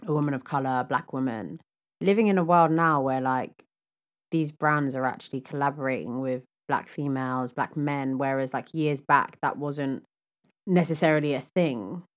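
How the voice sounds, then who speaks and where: A young woman co-hosting a fashion podcast, relaxed and full of fillers. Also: extremely low pitch, normal speed. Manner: relaxed, lots of fillers, interrupts with agreement. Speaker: podcast co-host. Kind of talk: casual chat.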